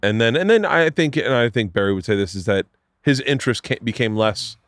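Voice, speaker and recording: A man hosting a podcast, telling long animated stories in casual chat, swearing freely. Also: medium pitch, fairly quick, no echo, clean studio sound. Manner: animated, profane storyteller doing voices. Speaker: podcast host.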